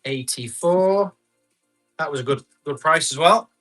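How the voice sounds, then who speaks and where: A man's voice: on the high side, measured pace, a bit bright, soft background music. A man, chatting casually as he runs a live tool auction, reading out bids and comments and laughing often. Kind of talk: casual live-stream selling chat.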